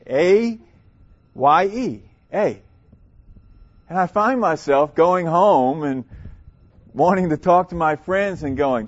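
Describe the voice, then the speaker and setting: A man from South Louisiana, preaching a sermon with emphatic, drawn-out delivery and dramatic pauses. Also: on the high side, animated, dull audio.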